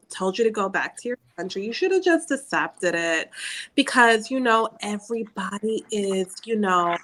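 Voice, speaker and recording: A woman's voice: mid-range voice, bright, forceful tone, poor audio. Woman playing a mock-sincere entitled complainer. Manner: mock-earnest, giggling through the bit. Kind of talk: comic parody on a podcast.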